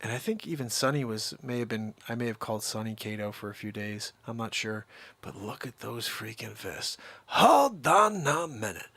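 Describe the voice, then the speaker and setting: A male comedian chatting casually to camera in an animated, rambling way. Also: on the low side, a little fast, creaky, dry recording.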